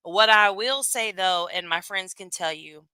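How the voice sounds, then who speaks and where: A woman streamer chatting casually to her viewers, gossipy and loose, with lots of fillers and quick asides. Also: medium pitch, bright, forceful tone, clear, resonant tone, no echo.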